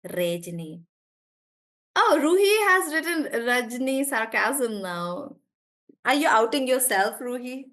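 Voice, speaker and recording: A woman with a South Indian English accent teaches an online pronunciation class at a slow, deliberate pace. Her voice sits a little high as she splits words into syllables and praises students one by one. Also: lively intonation, fairly bright tone.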